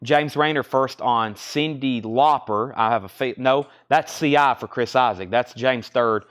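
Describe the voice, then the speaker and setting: Fast-listing man calling an auction. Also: mid-range voice, a bit bright. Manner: rapid-fire listing of items and prices, chatty asides. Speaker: live record sale host. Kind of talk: live-stream auction calling.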